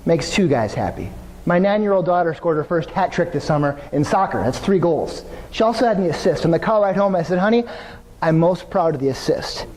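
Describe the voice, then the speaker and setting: A middle-aged man delivers a motivational keynote to a live audience. He tells stories with energy, asks the crowd questions and speaks up to fill the space. A long reverb trails his voice around the large hall. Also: very high-pitched. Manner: energetic storytelling, addresses audience directly.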